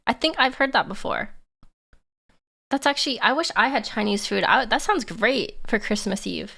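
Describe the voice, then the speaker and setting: Bubbly high-voiced young woman streamer. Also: moderate pace, creaky. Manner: excitable, laughs often, squeals in delight. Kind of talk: casual livestream chat.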